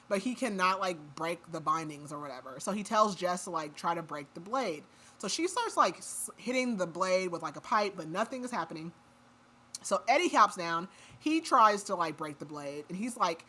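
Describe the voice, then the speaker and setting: A woman with a lowish, bright, forceful voice recaps a book's plot on a podcast. She keeps it casual and chatty, scattering "like" fillers all through the retelling.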